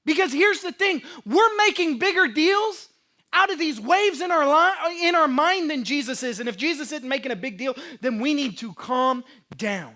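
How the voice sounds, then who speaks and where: Male pastor, church sermon, lively delivery with dramatic loud-soft swings, high bright tone. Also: moderate pace. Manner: animated, acts out panicked inner voices, swings loud and soft. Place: church sanctuary.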